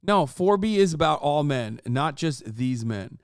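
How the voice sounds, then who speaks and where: A man's voice: fairly high pitch, animated, a little slow, clean tone, no room sound, studio quality. A man in his thirties ranting and joking sarcastically as he reacts to a video, swearing often. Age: 30s. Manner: profane, sarcastic, heated ranting. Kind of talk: casual reaction commentary.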